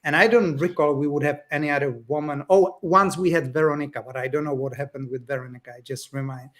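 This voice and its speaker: Chatty Czech-accented man, slightly high. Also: steady tone, quick pace, a bit bright. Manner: chatty, laughs often, restarts, non-native phrasing. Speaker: trading educator. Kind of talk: casual conversation.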